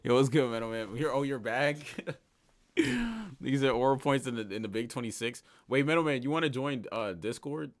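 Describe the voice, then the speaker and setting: A man's voice: mid-range voice, animated, moderate pace, dry recording. A man livestreaming and chatting casually with his viewers, talking in slang, rambling and laughing often. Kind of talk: casual stream chat, reading chat aloud.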